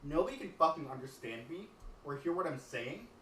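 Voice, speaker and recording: A man co-hosting a podcast in casual chat, blunt and sarcastic, speaking in a deliberately light voice. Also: on the high side, sing-song, bright, forceful tone, echoey room, far from the mic, slight background noise, poor audio. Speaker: podcast co-host.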